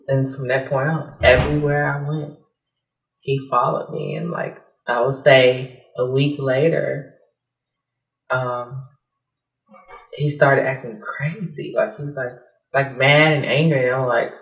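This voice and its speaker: A woman giving personal testimony in a soft, hesitant way, with many fillers, acting out the lines of others as she recounts. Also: a bass voice. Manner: acts out quoted dialogue. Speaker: interviewee. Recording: roomy, mic at a distance.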